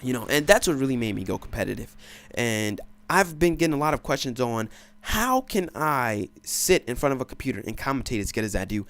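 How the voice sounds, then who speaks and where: A man's voice: medium pitch, very animated, a little fast, fairly bright tone. A man doing casual gameplay commentary, boastful and swaggering, swearing freely and laughing at his own stories. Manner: profane, laughing storyteller. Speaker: gaming commentator.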